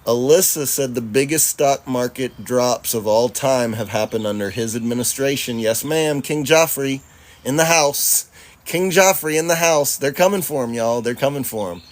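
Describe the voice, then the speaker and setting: A relaxed man hosts a live chat stream in a mid-range voice. He talks loosely and profanely, calling his viewers y'all and breaking into easy laughter. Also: mid-range voice, moderate pace. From Charlotte, North Carolina, US. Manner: laid-back, profane, laughs often, addresses audience as y'all. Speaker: livestream host. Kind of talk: casual livestream chat reading viewer comments.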